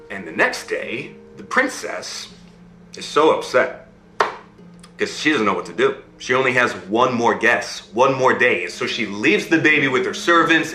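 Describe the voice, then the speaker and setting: A man telling a fairy tale in an animated storytelling style, often checking in with his listener. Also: mid-range voice, echoey room.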